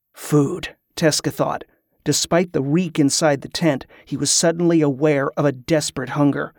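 A man narrating a fantasy novel in a steady, measured way. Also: on the high side, dry recording, studio quality. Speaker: audiobook narrator.

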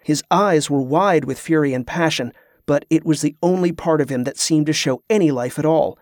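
A man narrating an adventure novel in an even, measured storytelling manner. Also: on the high side, no echo, studio quality. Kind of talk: audiobook narration.

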